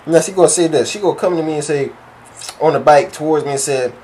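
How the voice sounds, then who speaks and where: A young man chats casually and tells a story, his voice pitched a touch high. He acts out every quote in animated slang. Faint background noise runs under the recording. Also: quick pace.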